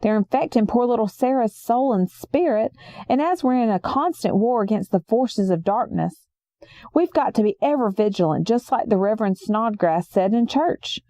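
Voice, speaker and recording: A woman voicing a preachy, hot-tempered middle-aged male small-town sheriff who shouts and sermonizes. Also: a little high, moderate pace, dry recording, natural voice. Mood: preachy lecturing.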